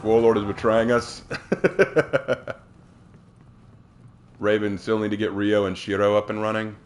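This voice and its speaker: A man's voice: on the low side, little pitch movement, unhurried, slight background noise. A man from the Southern United States streaming a game, chatting casually with viewers and answering their messages, often repeating and restarting his words. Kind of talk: casual live-stream chat while gaming.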